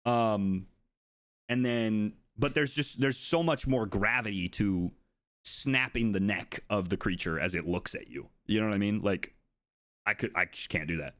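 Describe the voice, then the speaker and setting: A man streaming live, casually telling a story to his chat, swearing freely and acting out what others said in a higher voice. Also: measured pace, fairly bright tone, dry recording.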